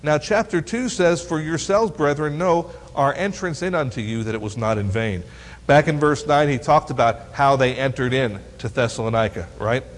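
A man with a mid-range voice, speaking at a moderate pace, teaches teens a Bible lesson, reading verses aloud. He's lively and teasing, quizzing his audience with playful questions, and the recording carries a long hall reverb.

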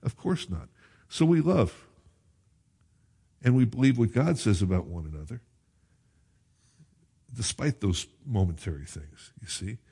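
Male pastor, slightly low and husky voice, conversational preaching with asides. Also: lively intonation, a little slow, long pauses, dark tone. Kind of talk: sermon.

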